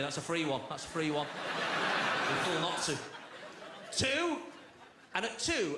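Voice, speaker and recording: A man doing a chatty, self-mocking stand-up comedy routine on a large theatre stage, acting out voices. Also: sits high. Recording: echoey theatre, loud audience.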